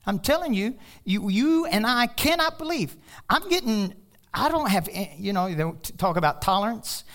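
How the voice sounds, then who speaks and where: Fiery preaching man, bursts and hushes. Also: moderate pace. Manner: passionate preaching, swinging from loud bursts to soft, low asides; animated storytelling with laughter. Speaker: pastor. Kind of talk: sermon.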